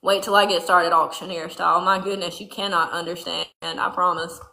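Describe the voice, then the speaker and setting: A woman's voice: on the low side, flat delivery, a little fast, vocal fry, pushed and bright, roomy sound. A woman from Louisiana with a Southern accent and a folksy country twang, hosting a casual farm livestream and chatting with viewers from a barn. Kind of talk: casual livestream chat reading viewer comments. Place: barn during milking chores.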